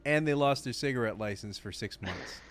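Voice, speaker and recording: A man's voice: medium pitch, lively intonation, normal speed, a bit bright, a little hiss or hum. A man chatting casually while gaming, telling a story in a matter-of-fact way. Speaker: gamer.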